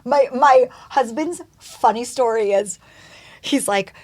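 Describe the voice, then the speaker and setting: A woman talking as a podcast guest, telling her story in an animated, expressive way and swearing casually. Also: fairly high pitch, slow. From United States.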